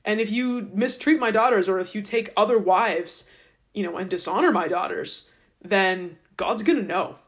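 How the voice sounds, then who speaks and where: A woman's voice: mid-range voice, normal speed, close to an everyday voice. A woman voicing an indignant old father who whines and accuses, in a casual retelling. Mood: warning.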